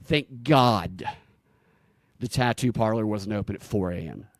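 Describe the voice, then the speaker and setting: A man's voice: lowish voice, measured pace, dry recording. Southern guy hosting a podcast, rambly storyteller, dry close sound. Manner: rambling storyteller, laughs easily. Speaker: podcast host. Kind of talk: casual podcast chat.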